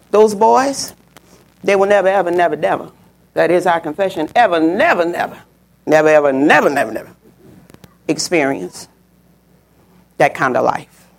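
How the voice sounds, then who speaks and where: A middle-aged woman with a gravelly voice preaches a sermon, telling a personal story. Whenever she quotes people, her voice swoops up high.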